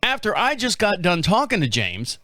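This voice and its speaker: A man's voice: high voice, wildly swooping pitch, moderate pace, sharp tone, dry recording, studio quality. Chatty, cussing man in his fifties. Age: 50s. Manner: chatty, profane, often laughing at his own stories. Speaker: podcast host. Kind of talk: casual rambling storytelling monologue.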